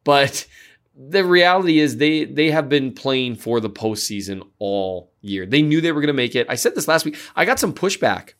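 A middle-aged man co-hosting a casual sports podcast, animated, his voice jumping up in pitch when he makes a point. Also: moderate pace.

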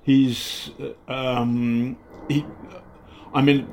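A British investigative journalist telling stories in a casual interview, halting often and acting out the people he quotes. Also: mid-range voice, little pitch movement, a little mellow, slight background noise. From Britain. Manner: halting, many fillers and restarts, acts out quotes.

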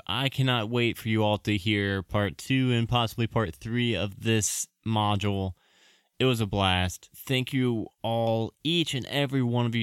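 A man's voice: lowish voice, clean tone, no echo, clean studio sound. A man hosting a podcast, rambling through announcements and apologizing as he goes. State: out of breath. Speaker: podcast host. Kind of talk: casual podcast outro.

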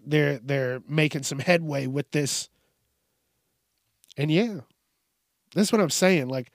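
A man's voice: fairly high pitch, no room sound, clean studio sound. A man hosting a casual, profane news commentary show, rambling and laid-back as he reacts to stories. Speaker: host.

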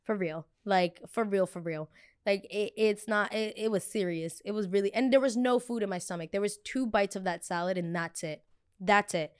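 Young woman podcast host, candid confessional storyteller, smooth clear voice, animated and salty. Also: medium pitch, normal speed. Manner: candid, animated, swears freely.

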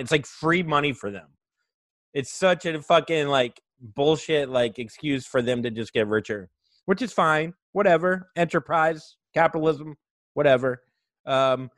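A man's voice: medium pitch, fairly bright tone, dry recording, clean studio sound. A young adult man hosting a comedy podcast, ranting sarcastically with lots of swearing and mock voices. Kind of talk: comedic monologue.

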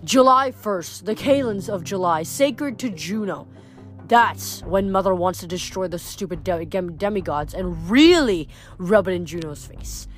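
A woman's voice: on the low side, lively intonation, measured pace, soft background music. A woman voicing a bossy, theatrical male giant showman who snaps and demands, in an audiobook reading. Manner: snappish, demanding, loud.

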